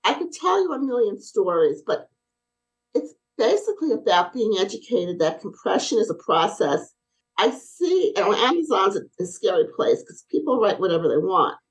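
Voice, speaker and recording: A middle-aged woman who owns a brace company, appearing as a podcast guest, tells animated stories in a casual interview and acts out what the people in them said. Her voice sits at a medium pitch and moves at a normal speed, though the audio quality is poor.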